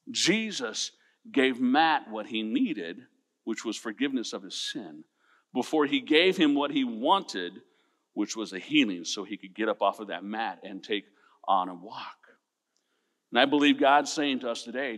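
A man's voice: medium pitch, very animated, moderate pace, a bit bright. A male pastor preaching a sermon, calling out to his congregation and rising to emphatic peaks. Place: church sanctuary. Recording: long church reverb.

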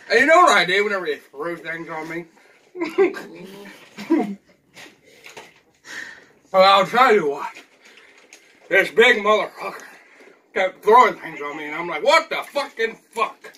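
A man's voice: high-pitched, pushed and bright, slight background noise. A man doing a goofy comedy skit, talking in an exaggerated, silly, whiny voice. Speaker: vlogger.

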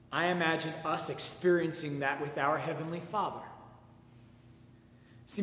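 A man's voice: fairly high pitch, a bit bright. A man preaching a sermon as pastor, telling a personal story in an earnest way and repeating his words as he goes. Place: church sanctuary. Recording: echoey church with long reverb.

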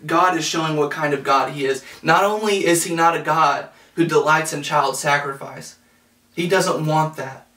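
A pastor preaching a sermon, earnest, slowing down to stress scripture quotes. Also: male voice, on the high side, pushed and bright. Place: church sanctuary. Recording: roomy sound from a distance.

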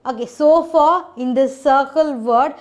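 A woman's voice: high voice, a little slow. A woman teaching a children's phonics lesson, spelling out letters one by one, repeating each word and checking in with "okay".

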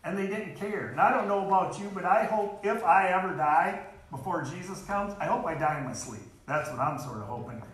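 A man's voice: sits high, lively intonation, a little fast, hardly any pauses, fairly bright tone. A man preaching a sermon in a church in an earnest, emphatic way, reading scripture aloud. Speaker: lay preacher. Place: church sanctuary. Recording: very echoey church hall.

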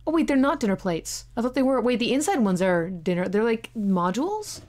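A woman hosting a gaming channel, giving excitable, chatty let's-play commentary full of exclamations. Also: fairly high pitch, fairly quick.

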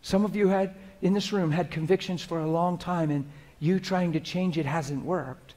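A middle-aged man preaching a sermon to a live congregation, moving from hushed prayerful murmurs to loud, animated, laughing storytelling. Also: high-pitched, normal speed. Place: church hall before a live congregation.

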